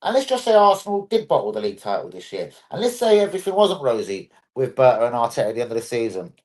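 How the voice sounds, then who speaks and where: A man's voice: medium pitch, very animated, fast, few pauses, a little mellow. A man hosting a live football stream, chatting casually, bluntly and with a lot of swearing.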